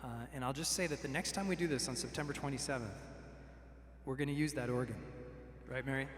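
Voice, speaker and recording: A man's voice: medium pitch, fast, a little hiss or hum. A man hosting an event, introducing guests in a loose, friendly way with many fillers. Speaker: event host. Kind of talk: event emcee remarks. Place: large hall, a former church. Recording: roomy hall with long reverb and faint ambience.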